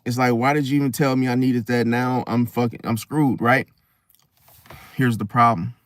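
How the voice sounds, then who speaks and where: A man's voice: medium pitch, fairly even intonation, normal speed, no room sound, studio quality. A man ranting bluntly in a casual monologue as host, swearing and acting out quoted voices. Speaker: astrology channel host.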